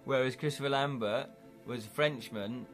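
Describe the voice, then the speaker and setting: A man's voice: medium pitch, normal speed, faint music behind. A man from England hosting a livestream, chatting casually and rambling while reading out viewer comments, laughing often. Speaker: livestream host.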